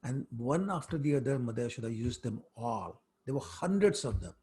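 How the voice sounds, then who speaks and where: A man's voice: medium pitch, big pitch swings, fairly quick, dark tone. A man giving a scripture class, telling a story conversationally with asides to his listeners. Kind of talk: storytelling lecture.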